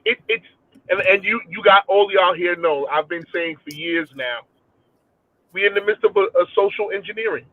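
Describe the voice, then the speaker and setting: A man speaking in a casual podcast chat, halting and stammering as he restarts his sentences. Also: high voice, dry recording. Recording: dry, tinny phone-line sound.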